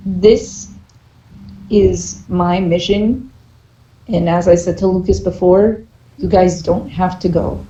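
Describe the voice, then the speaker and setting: A woman voicing Nancy, an earnest adult woman adventurer worried for her friends, speaking in a measured, pleading way during a tabletop role-play. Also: lowish voice, fairly even intonation, warm tone, a little hiss or hum. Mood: earnest worry. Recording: dull, roomy amateur recording.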